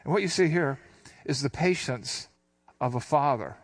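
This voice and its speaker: An older man giving a conversational sermon, explaining a Bible passage verse by verse in a relaxed, plain-spoken way and slowing down to read the scripture. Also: mid-range voice. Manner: slows down when reading scripture. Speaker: Bible teacher.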